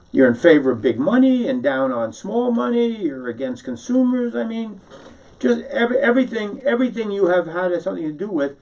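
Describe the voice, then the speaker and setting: A man's voice: a little high, a little mellow. A man from New York City doing a sarcastic, needling one-sided mock phone call, rambling with many restarts. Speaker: satirical monologuist. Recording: dull, distant lo-fi recording.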